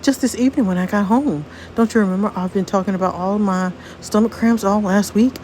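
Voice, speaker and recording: A woman voicing a pregnant teenage girl who clings to her boyfriend and pleads in a high voice. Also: fairly quick, darkish tone, slight background noise, lightly acted. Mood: defensive.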